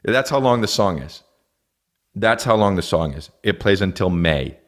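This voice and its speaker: Guy ranting on his comedy podcast, swears a ton, jumps into goofy voices, lively up and down delivery. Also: lowish voice, a little slow. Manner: profane, animated, acts out silly voices. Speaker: podcast host. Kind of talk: comedic rant.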